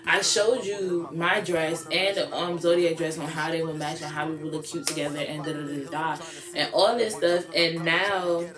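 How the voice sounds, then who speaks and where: A woman beauty vlogger telling a casual storytime in a sassy, animated way, stretching out words. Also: low-pitched, normal speed. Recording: echoey room with music behind.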